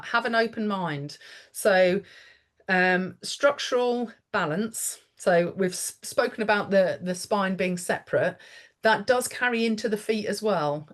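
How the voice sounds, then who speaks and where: A woman pain therapist chatting in a webinar over a video call, explaining body mechanics and telling stories from her practice. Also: mid-range voice. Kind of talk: casual webinar chat.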